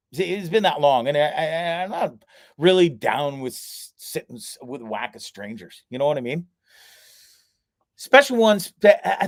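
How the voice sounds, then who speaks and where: A man hosting a live show, telling a story in a casual, animated way, swearing, laughing at himself and acting out other people's voices. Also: mid-range voice, no room sound, clean studio sound.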